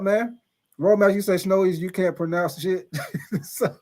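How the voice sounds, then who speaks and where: Young streamer guy, high voice, laid-back slangy delivery, reads chat. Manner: laid-back, loose slang, laughs often. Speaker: live stream host. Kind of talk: casual live stream chat reading viewer comments.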